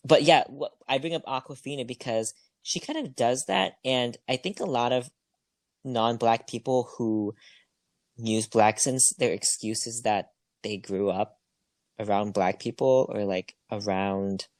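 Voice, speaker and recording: A man co-hosting a podcast in casual chat, blunt and quick to disagree. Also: medium pitch, no echo. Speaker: podcast co-host.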